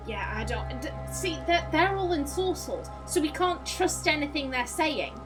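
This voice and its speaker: A woman's voice: sits high, expressive, normal speed, few pauses, over music, low-quality recording. A woman streamer commenting casually on a game as she plays, giggly, chatty, swearing now and then. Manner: giggly, swears, reacts out loud. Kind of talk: let's play commentary.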